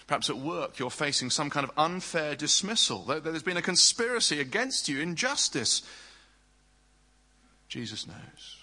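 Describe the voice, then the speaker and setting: A man preaching a sermon in an earnest way, often dropping to soft, hushed tones. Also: on the high side, lively intonation, normal speed, hardly any pauses, low-quality recording.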